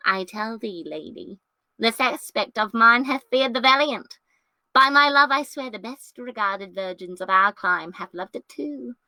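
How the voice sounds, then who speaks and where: A proud, boastful prince woos in grand verse, put on by a woman reading the play alone. The voice is bright and high, swooping up and down. It sounds dry, with no room around it. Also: expressive, a little slow, dry recording, exaggerated voice. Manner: declamatory verse with sweeping pitch swings. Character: proud foreign prince, adult man, boastful suitor. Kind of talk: solo dramatic reading of a classic play.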